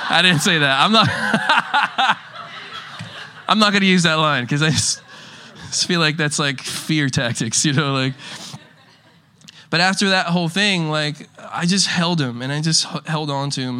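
Bright-voiced young male pastor, rambling. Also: fairly high pitch. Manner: rambling, restarts often, chuckles through anecdotes. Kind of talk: casual conversational sermon.

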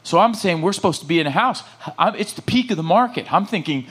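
A man preaching in church, his voice sitting a bit higher than most men's. He tells stories and acts out the dialogue, checking in with the congregation as he goes. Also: fast, husky. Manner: animated storytelling, acting out dialogue. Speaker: pastor. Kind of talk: sermon.

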